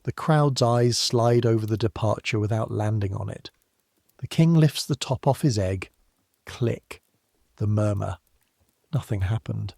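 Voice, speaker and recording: Gravelly low-voiced sleep story narrator man. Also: no room sound, clean studio sound. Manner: slow, soft and unhurried, with hushed asides. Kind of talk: scripted bedtime history narration in second person.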